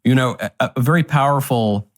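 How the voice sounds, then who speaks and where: A male commentator reviewing impressions on his show, giving a measured, analytical critique. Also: mid-range voice, slight background noise.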